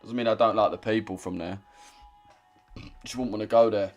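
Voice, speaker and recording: Over soft background music, a young man with a lowish voice and fairly even intonation speaks at a moderate pace on a trading live stream. He reads comments casually, swears and teases his chat.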